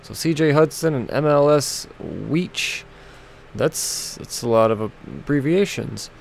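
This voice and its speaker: A man's voice: medium pitch, slow, vocal fry, slight background noise. A man chatting casually and rambling through a list of upcoming comics, swearing now and then and laughing at himself. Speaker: comic book vlogger.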